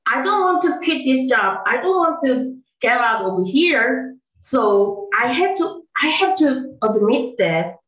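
A woman's voice: sits high, sing-song, measured pace, hardly any pauses, a bit bright, echoey room, lo-fi sound, full character voice. A woman in an improv scene playing an indignant coworker passed over for promotion, talking dramatically. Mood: conciliatory. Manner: dramatic, indignant, bursts into mock crying. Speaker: improv performer. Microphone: online call.

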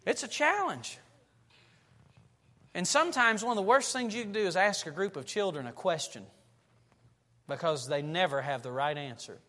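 A pastor preaching a sermon in a church, telling stories and building to loud, emphatic passages. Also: male voice, sits high, expressive, moderate pace, pauses often. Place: church sanctuary. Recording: long reverb of a church hall.

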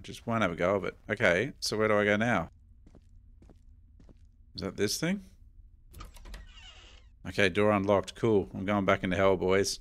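A man's voice: low-pitched, vocal fry, fairly bright tone. Jumpy Australian man playing a horror game. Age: middle-aged. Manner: jumpy, chatty, swears mildly, talks to viewers as "boys". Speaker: gaming YouTuber. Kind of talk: horror game let's play commentary.

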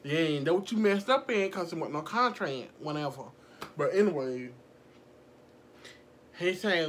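A young woman telling a casual storytime vlog, animated and profane, laughing often and acting out the people in her story. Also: deep voice, a little slow, pauses often, a little hiss or hum. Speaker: vlogger.

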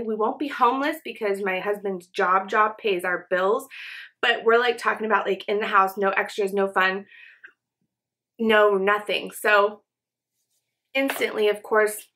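Young woman, beauty vlogger, casual get-ready chat, rambling with fillers, bright voice. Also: medium pitch. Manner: rambling, many fillers like "um" and "you know". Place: home, indoors.

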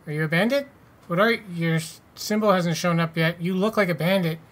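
A man's voice: high-pitched, fairly quick. A man hosting a casual let's-play, joking, swearing and reading game text aloud. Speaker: gaming channel host.

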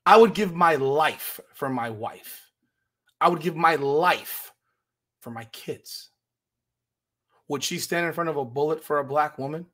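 Male podcast host, fired-up opinion monologue, insistent and repetitive, slightly high voice. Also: normal speed, pushed and bright. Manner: emphatic, indignant, repeats himself. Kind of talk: opinionated commentary.

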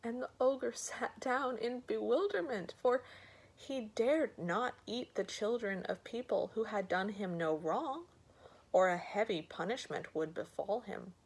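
A woman reading a fairy tale aloud as a bedtime story, gentle and unhurried. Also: medium pitch, husky, poor audio.

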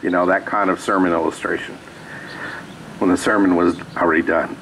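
Low-voiced man preaching casually. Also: steady tone, fairly quick, creaky, fairly bright tone, slight background noise, low-quality recording. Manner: conversational, reads scripture aloud with asides. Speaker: pastor. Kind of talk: sermon. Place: small church sanctuary.

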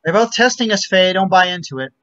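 A man's voice: sits high, lively intonation, fast, a bit bright, highs cut off. A man reading a stiff, exasperated male psychiatrist who speaks in a firm, clipped, controlled way, over a video call. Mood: stern.

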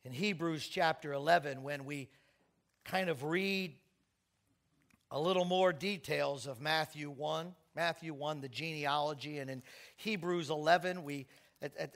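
A middle-aged man preaching a sermon in a church, telling stories and swinging from quiet asides to shouted praise. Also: on the high side. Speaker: pastor.

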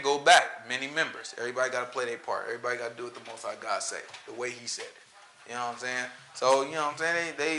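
A man preaching a casual, conversational sermon, animated and talking straight to his listeners. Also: fairly high pitch. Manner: animated, talks straight to listeners, often asks "you know what I'm saying?". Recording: roomy echo.

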